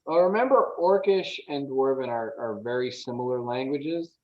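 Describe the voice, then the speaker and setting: A man's voice: mid-range voice, animated, muffled recording. A man running a tabletop game as game master, talking casually with frequent restarts and fillers. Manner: halting, many restarts and fillers.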